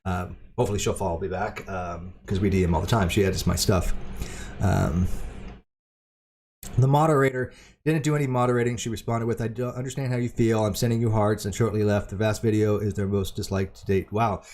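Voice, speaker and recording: A man hosting a casual livestream, talking in a rambling, halting way with lots of ums and repeated words. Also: fairly low pitch, fairly even intonation, a little mellow. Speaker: channel host; debate show moderator.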